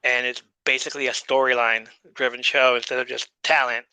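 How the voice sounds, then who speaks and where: A man's voice: medium pitch, level tone, fairly quick, pushed and bright, clear, resonant tone, dry recording, rough recording. A man hosting a podcast, recapping an episode in a laid-back, casual way with loose swearing and frequent laughs. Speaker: podcast host.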